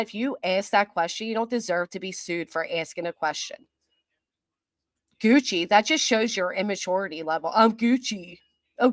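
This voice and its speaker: A middle-aged woman hosting a livestream, reading viewer comments aloud and answering them in a mocking, defiant way, quick to laugh. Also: medium pitch, fairly bright tone, dry recording. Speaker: commentary channel host.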